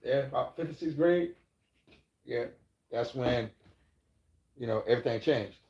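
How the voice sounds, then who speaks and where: A man's voice: mid-range voice, unhurried, gravelly, a little mellow. A middle-aged man talking loosely and profanely on a live stream, rambling into preachy asides. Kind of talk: casual live-stream talk. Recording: echoey, dull lo-fi room sound.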